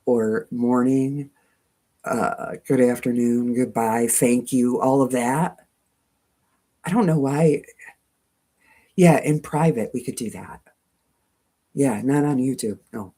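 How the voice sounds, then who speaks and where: A very deep, warm, twangy voice takes its time, with long pauses. This quilting channel host chats casually with viewers live, reading their comments, self-deprecating and quick to laugh.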